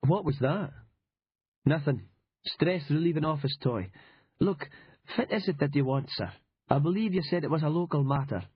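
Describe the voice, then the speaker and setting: Brief: man voicing a husky, irritable Northern Scottish sergeant for an audiobook, sarcastic and fed up. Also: fairly high pitch, lively intonation, normal speed, pauses often, dry recording, highs cut off, voice pushed up. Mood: sardonic. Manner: gruff, sarcastic. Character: weary, irritable rural police sergeant, middle-aged man.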